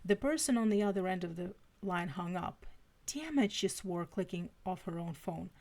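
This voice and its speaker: A woman's voice: fairly low pitch, moderate pace, darkish tone. A woman reading fanfiction aloud on a live stream, stumbling and restarting now and then. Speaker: fanfiction reader.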